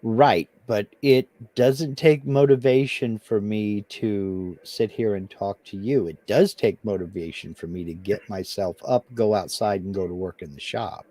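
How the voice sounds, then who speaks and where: A man's voice: on the low side, unhurried, hardly any pauses, warm tone, no echo. A man co-hosting a live stream, chatting in a dry, laid-back way and reading viewer comments aloud. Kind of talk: casual live stream chat.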